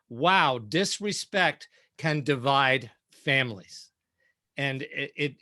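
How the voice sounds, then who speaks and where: Bright-voiced man telling stories. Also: fairly high pitch, dry recording. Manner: lively anecdotal storytelling. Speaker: guest speaker, keynote speaker and author. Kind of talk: casual roundtable conversation.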